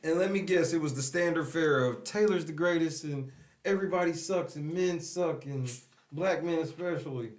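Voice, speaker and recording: A man's voice: fairly high pitch, normal speed, echoey room. A male host reacting to a clip, talking in a profane, mocking way. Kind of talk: commentary.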